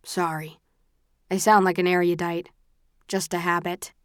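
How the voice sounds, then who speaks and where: A woman voicing a calm, tired, bookish young man in an audiobook, speaking in a steady, reasoning way that slides toward lecturing. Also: fairly low pitch, unhurried, clear, resonant tone, no room sound, clean studio sound, close to an everyday voice. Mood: explaining. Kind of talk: audiobook character voice.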